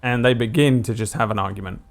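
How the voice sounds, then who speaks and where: A man's voice: mid-range voice, fast, vocal fry. Man narrating as game master, hesitant. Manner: descriptive, hesitant, full of fillers.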